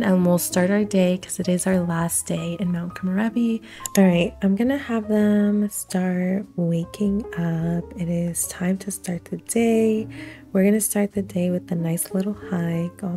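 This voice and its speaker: A woman's voice: mid-range voice, dark tone. A young woman hosting a let's play, giving casual commentary that gushes and giggles over her game. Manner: gushing, giggly, playful.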